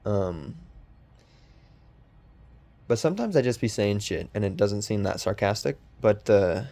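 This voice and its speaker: A young man talks in a low-pitched, sarcastic-sounding voice as he hosts a podcast. He rambles through a casual monologue, full of ums, restarts and loose asides. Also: lively intonation, unhurried, dark tone. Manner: meandering, with many ums and restarts. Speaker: podcast host.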